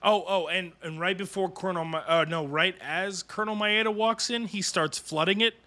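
A man's voice: sits high, normal speed. A man chatting casually on a podcast, recapping an anime with laughter and acted-out lines. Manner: animated, laughs often, acts out character lines. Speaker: podcast co-host. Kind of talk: casual anime review chat.

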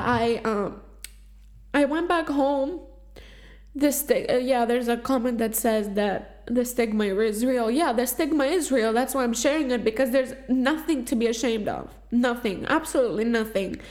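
A woman telling a personal story in a candid, emotional confessional monologue, with heavy swearing, fillers and restarts. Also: high voice. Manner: raw, emotional, swears freely. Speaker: vlogger sharing a personal story.

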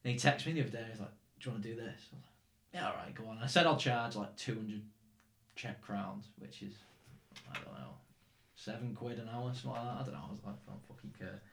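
Podcast host, young Northern English man, lowish voice, loose rambling chat in a roomy space. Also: lively intonation, fast talker, creaky, a bit bright. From England. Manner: rambling, swears, laughs often. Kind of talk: casual chat.

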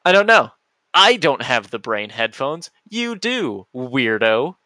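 A man's voice: medium pitch, sing-song, slow pace, bright, forceful tone, no echo. A man hosting a solo podcast, rambling goofily and often cutting himself off mid-sentence. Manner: goofy, rambling, self-interrupting. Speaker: podcast host.

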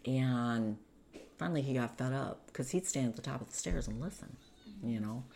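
A woman's voice: very deep voice, expressive, normal speed, gravelly, darkish tone. A woman telling her own story in an interview, in a conversational way, acting out what others said.

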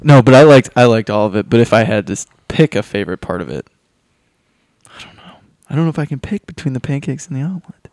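A man's voice: mid-range voice, lively intonation, fast talker, long pauses, a little mellow, no echo. A man with a mid-range voice talks easily about the food he ate. He hesitates when asked to choose between dishes. The sound is dry and close. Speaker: guest taster. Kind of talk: casual family chat.

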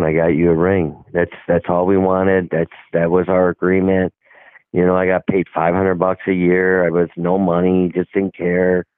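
Middle-aged coach, low voice, rambling anecdote, phone-line sound, dry. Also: male voice, no echo. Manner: rambling, acts out quoted dialogue. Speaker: hockey coach. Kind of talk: casual storytelling.

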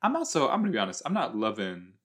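A man giving chatty, excitable reaction commentary as he watches a TV episode, gasping and exclaiming along. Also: medium pitch, fast. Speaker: reaction video host.

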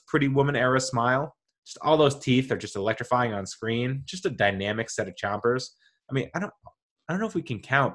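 A man with a middle-pitched voice hosts a casual podcast monologue. He talks in a chatty, enthusiastic way, wanders off on tangents and stops to correct himself mid-sentence. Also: a bit bright. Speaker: podcast host. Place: home with dogs nearby.

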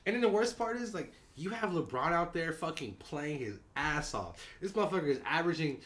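A man's voice: fairly high pitch, expressive, fairly quick, fairly bright tone. A man co-hosting a podcast, ranting about basketball in casual, heavily profane talk. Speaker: podcast co-host. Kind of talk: casual sports chat.

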